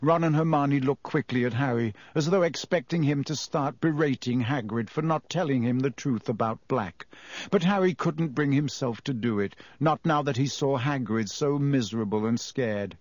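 A man narrating a children's fantasy story in a measured storytelling way. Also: medium pitch, dry recording. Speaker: audiobook narrator. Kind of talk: scripted narration.

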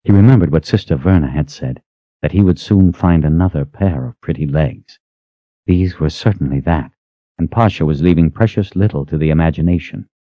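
A man narrating an audiobook in a measured, even storytelling manner, close to the mic. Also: rumbling low, no echo, highs cut off. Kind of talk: scripted narration.

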